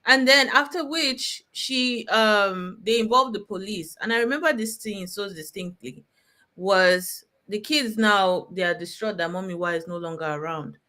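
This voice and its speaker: A woman co-hosting a casual movie review chat, retelling scenes in an animated way. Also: medium pitch, unhurried. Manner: animated retelling with acted-out quotes.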